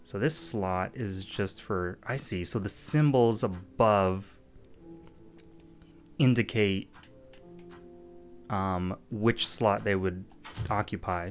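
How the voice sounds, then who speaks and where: A man's voice: on the low side, slow pace, long pauses, soft background music. A man giving casual gameplay commentary, thinking aloud with lots of fillers. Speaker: let's-play gamer.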